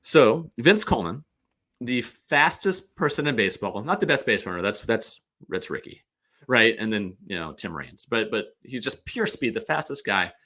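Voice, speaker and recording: A man from the St. Louis area, a podcast guest, telling stories in an animated, rambling way with lots of restarts. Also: medium pitch, normal speed. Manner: animated, digressive storyteller. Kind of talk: casual chat.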